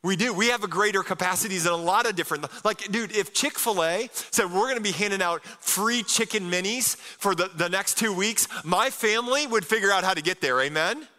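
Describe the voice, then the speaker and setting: A pastor preaching a sermon in an energetic, casual way, often asking the congregation "amen?". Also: male voice, high voice, a little fast, few pauses, long reverb tail.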